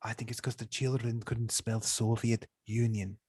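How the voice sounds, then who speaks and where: A man putting on an as a gloomy man, deadpan and wistful. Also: mid-range voice, normal speed, husky, dry recording, studio quality, lightly acted. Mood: mock-wistful. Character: gloomy mock-Russian man missing the Soviet days.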